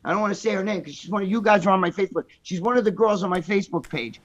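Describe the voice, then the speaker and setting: A man's voice: high-pitched, racing, highs cut off. A man telling crude stories on a podcast panel, hyper and rambling, swearing constantly. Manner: hyper, profane, rambling storyteller. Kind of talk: crude storytelling chat.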